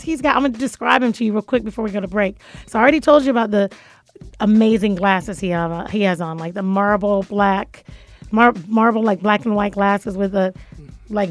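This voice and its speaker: A woman hosting a casual radio interview from a studio, talking in a playful, teasing way and laughing often. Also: medium pitch. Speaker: radio host.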